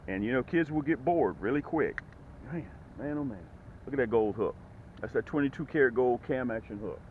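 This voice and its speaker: A man hosting a casual fishing vlog from a boat. He talks in a folksy way and whoops with excitement when fish bite. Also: medium pitch, brisk. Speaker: fishing channel host. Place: outdoors on a boat. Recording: phone-like lo-fi audio with faint noise.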